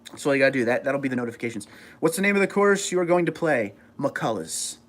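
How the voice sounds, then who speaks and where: A man's voice: medium pitch, lively intonation, fast. A middle-aged man from New York with a New York accent, chatting casually on a livestream and reading viewer comments aloud. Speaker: livestream host.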